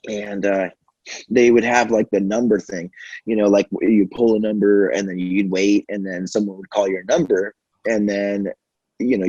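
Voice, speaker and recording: A man's voice: on the low side, darkish tone, breathy edge, no room sound, highs cut off. A young man telling stories in a casual podcast chat, rambling and profane with many fillers. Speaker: podcast guest.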